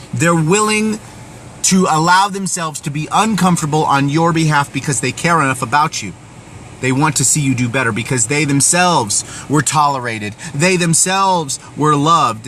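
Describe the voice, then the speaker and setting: A man's voice: a little high, pushed and bright, a little hiss or hum. A man, a veteran advocate, gives an impassioned motivational talk, earnest and repetitive in a sermon-like way.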